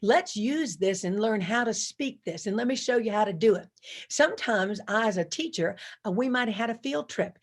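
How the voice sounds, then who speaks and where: A woman giving a keynote speech to a live audience. She speaks emphatically, repeats her key phrases and leads the crowd in chants. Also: mid-range voice. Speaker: motivational speaker.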